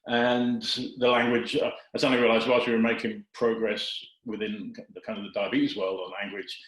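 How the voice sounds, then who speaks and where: Man, from the UK, lowish voice, relaxed, self-deprecating, roomy video call sound. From United Kingdom. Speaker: guest advocate. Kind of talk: casual video chat. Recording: echoey room on a video call.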